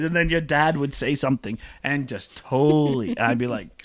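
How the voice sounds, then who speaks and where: Man co-host spinning anecdotes, lively and playful, jumps up for quoted lines. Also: fairly high pitch, normal speed, hardly any pauses. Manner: animated, acts out quotes with big voice jumps, laughs often. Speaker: podcast co-host. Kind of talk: casual storytelling chat.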